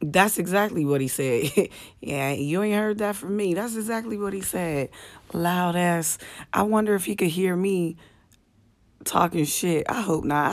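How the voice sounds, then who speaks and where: A woman comedian and podcast host with a low, slightly manly voice, chatting and venting profanely while lying in bed in the dark on a phone. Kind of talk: casual late-night live chat. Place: bedroom in apartment at night, lying in the dark.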